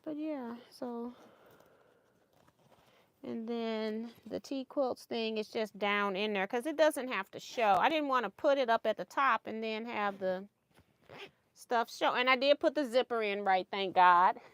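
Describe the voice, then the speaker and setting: A woman's voice: fairly high pitch, a little slow, fairly bright tone. A woman hosting a casual sewing livestream, chatty and laughing often as she thinks aloud over her project.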